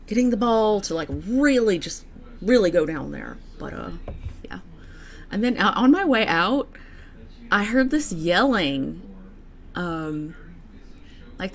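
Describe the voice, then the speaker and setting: A young woman vlogging in a casual, rambling way, with many fillers and restarts. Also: medium pitch. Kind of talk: casual personal chat to camera.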